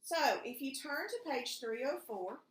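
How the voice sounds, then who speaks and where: A woman's voice: high voice, expressive, measured pace. A woman teacher, patiently walking young pupils through a reading lesson and asking them guiding questions. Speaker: elementary school teacher. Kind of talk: recorded remote reading lesson. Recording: echoey room.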